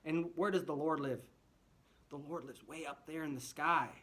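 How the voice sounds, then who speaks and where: A man's voice: on the high side, moderate pace, a bit bright. A man teaching a children's music lesson, friendly and full of rhetorical questions, singing short phrases to demonstrate.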